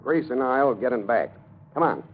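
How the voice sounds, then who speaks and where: A cocky, boastful gangster informant with a lively, swinging voice, as a man acts him out in an old radio play. The recording is narrow and tinny with light hiss. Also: mid-range voice, moderate pace, natural voice. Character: cocky young male gangster turned informant. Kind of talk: 1930s radio drama acting.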